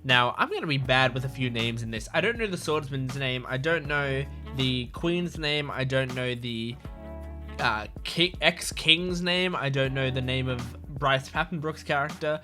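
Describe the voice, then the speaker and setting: A man's voice: medium pitch, unhurried, sharp tone, faint music behind. A man hosting an anime reaction video, chatting casually, rambling and correcting himself, hiccuping as he talks. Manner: rambling, self-correcting, laughs often.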